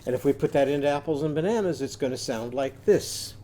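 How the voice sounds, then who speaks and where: A man teaching a phonics lesson to young children, chanting slowly and gently prompting them to join in. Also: medium pitch. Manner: slow call-and-response chanting.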